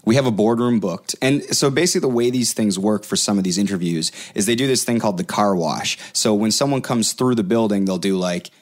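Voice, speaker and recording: A man's voice: on the low side, fairly quick, hardly any pauses. A man co-hosting a casual podcast. He sets the scene for an interview in a chatty way and laughs easily.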